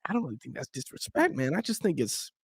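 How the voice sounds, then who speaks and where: A husky, fairly high male voice speaks fast on a dry recording. The young man is hosting a football watch-along, casually chatting with his audience and calling the match, animatedly acting out the things fans say about him.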